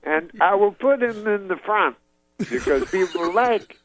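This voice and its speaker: A man's voice: sits high, expressive, measured pace, a bit bright, dry recording, voice pushed up. A man doing an impression of an older male comedian who talks in short, clipped fragments rather than full sentences. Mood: grand, deliberate. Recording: dull lo-fi audio.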